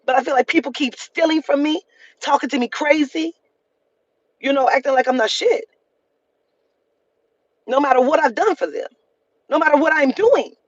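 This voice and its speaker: A woman's voice: sits high, expressive, normal speed, pauses often, no room sound, highs cut off. A woman vlogger telling an emotional story in a heated, profane rant, repeating lines for emphasis.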